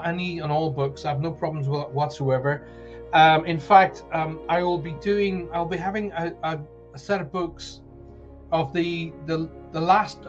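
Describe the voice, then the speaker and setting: A man with a softened Northern Irish accent, hosting a live show and chatting warmly to viewers as he reads out their messages. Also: on the high side, highs cut off. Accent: soft Northern Irish. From Northern Ireland. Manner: chatty, rambling, reads messages aloud with put-on voices. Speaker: host of a live call-in show.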